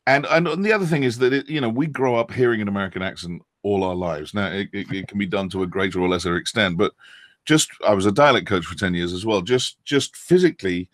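A man's voice: on the low side, fast talker, no room sound, clean studio sound. A middle-aged British man, a guest actor in a casual podcast interview, talking animatedly and slipping into playful accent demonstrations. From England.

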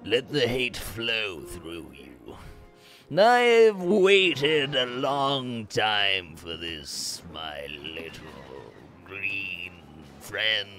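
A man doing a slow, menacing Emperor Palpatine. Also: lowish voice, big pitch swings, a bit bright, soft background music, pitched below the performer's own voice, full character voice. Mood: gloating. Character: sinister old male galactic emperor, gloating villain.

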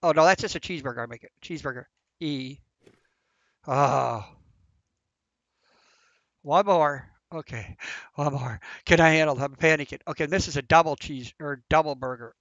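A man's voice: fairly high pitch, normal speed, long pauses, fairly bright tone, no echo. A man giving casual, flustered commentary while playing a game, thinking aloud as he goes. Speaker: gameplay commentator. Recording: dull, lo-fi, dry sound.

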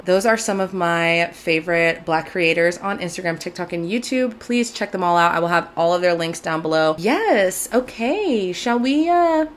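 A woman's voice: fairly low pitch, fairly bright tone. A young woman from Southern California hosting a casual video podcast, gushing and chatty with lots of "like". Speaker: podcast host. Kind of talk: casual chat to camera. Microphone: camera mic, video-call style.

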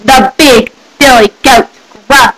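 A woman voicing the big billy goat, a bold heavy male goat with a hoarse voice, boasting threats. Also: high-pitched, slow, fairly bright tone, full character voice, poor audio. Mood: boastful. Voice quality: ugly hoarse voice.

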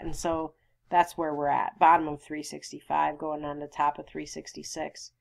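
A woman's voice: low-pitched, flat delivery, normal speed, creaky, a little mellow. A woman teacher reading a novel aloud and stopping to explain it to her students in a conversational way. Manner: conversational, stops to explain and quiz.

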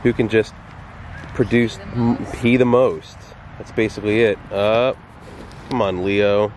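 A man's voice: on the low side, fairly even intonation, a little slow, darkish tone, slight background noise. A man vlogging at an outdoor dog park, teasing his dog in casual, playful talk. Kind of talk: casual vlog narration.

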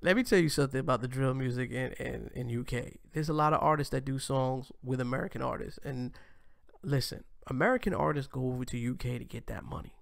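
A young man from the US East Coast hosting a casual livestream, talking in an animated, slangy way with laughing asides. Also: medium pitch, fast talker, gravelly, no echo, studio quality. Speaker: host.

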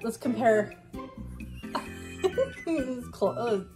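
A woman's voice: on the high side, expressive, extremely slow, over music. A woman hosting a casual taste-test show, chatty and giggly as she talks. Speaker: show host.

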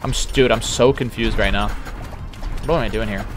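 A man streaming a platform game, talking casually in an excitable, boastful way with sudden yelps. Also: fairly low pitch, fairly quick, over loud music. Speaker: livestreamer. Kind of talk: casual gaming commentary.

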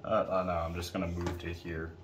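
A man's voice: sits low, monotone, fairly quick. A man talking through his moves in a tabletop miniatures game, matter-of-fact and casual. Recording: echoey room with faint noise.

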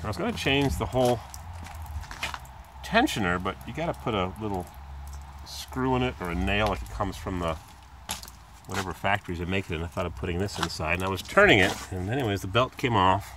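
Filming himself on a handheld phone in a driveway, a man chats while repairing his car outdoors. His voice is expressive and brisk against a noisy background, and he rambles freely, even mimicking squeaks in a high voice, in this casual hands-on repair video.

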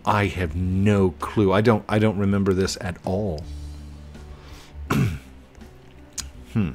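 Male gaming YouTuber, deep unhurried voice, casual running commentary, goofy pleading, faint music behind. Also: steady tone, darkish tone. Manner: chatty, laughs often, goofy pleading bursts.

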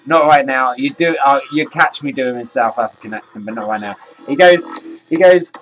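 A man vlogging in an excitable, rambling way, with lots of restarts and casual swearing. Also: medium pitch, normal speed. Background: faint electronic music.

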